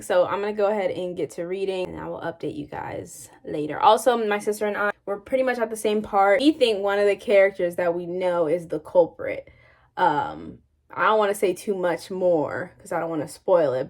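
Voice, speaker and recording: A young woman chatting casually in her vlog, talkative and quick to get excited. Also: medium pitch. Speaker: book vlogger.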